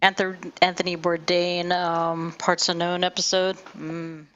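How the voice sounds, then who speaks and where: A woman's voice: on the low side, little pitch movement, measured pace, fairly bright tone, highs cut off. A woman streamer chatting casually over gameplay, rambling with lots of fillers and the odd swear.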